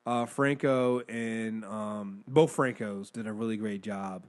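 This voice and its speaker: A man co-hosting a casual movie review chat, excitable, swearing freely and restarting sentences. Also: fairly low pitch, takes it slowly. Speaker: podcast co-host reviewing films.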